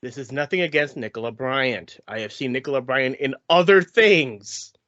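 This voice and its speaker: A man co-hosts a casual podcast chat, filling in background in a matter-of-fact way. His voice is medium-pitched with a moderate pace and a fairly bright tone, with no room sound, captured on a dull lo-fi podcast mic.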